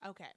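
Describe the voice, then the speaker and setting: A woman telling a personal story straight to her viewers in a casual, animated way, swearing freely and breaking into loud exclamations. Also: fairly low pitch, slight background noise. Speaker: vlogger.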